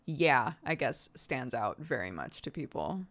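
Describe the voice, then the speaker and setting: Low-voiced chatty woman. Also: big pitch swings, measured pace, fairly bright tone. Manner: chatty, lots of "like" fillers, laughs often. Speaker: streamer. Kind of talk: casual chat.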